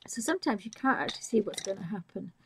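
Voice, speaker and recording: A woman hosting a live drawing tutorial, talking softly and often half-whispering as she works, her voice a little squeaky and rough. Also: slight background noise. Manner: soft-spoken, often half-whispered while working. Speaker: art tutorial host.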